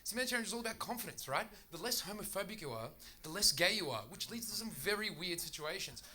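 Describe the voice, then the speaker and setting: Young aussie guy doing stand-up, high voice, super bright and punchy, chatty quick storytelling. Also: lively intonation. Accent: Australian. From Australia. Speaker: stand-up comedian. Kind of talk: stand-up comedy set. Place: comedy club stage.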